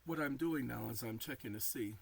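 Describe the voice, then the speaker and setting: On a low-quality recording, a weary man with a medium-pitched, gravelly and slightly rough voice speaks a little fast to his viewers. As the channel host reads, he says the commas and periods out loud in a casual talk to camera.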